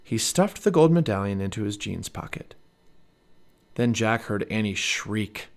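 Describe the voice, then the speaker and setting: Expressive male storybook narrator. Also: lowish voice, unhurried. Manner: expressive and animated. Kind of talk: storybook read-aloud.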